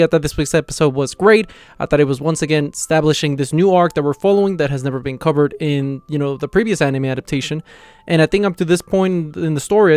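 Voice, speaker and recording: A man with a slightly higher voice races through a casual anime episode recap, leaning heavily on "you know" and "like". His voice comes across smooth and clean. The recording is dry and close, with no room sound. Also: a little mellow, dry recording. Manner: stumbles and restarts on words. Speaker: anime reviewer, channel host. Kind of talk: casual episode reaction review.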